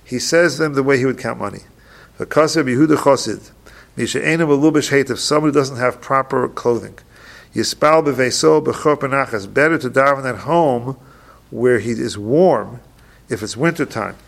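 A man teaching a halacha class, reading each Hebrew passage slowly and then explaining it in quick plain English. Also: mid-range voice, vocal fry. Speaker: Torah teacher.

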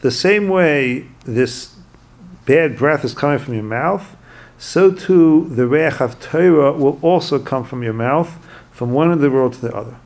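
A man voicing a revered old male sage who speaks patiently and gently, as in a retold story. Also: medium pitch, unhurried, natural voice. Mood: reassuring.

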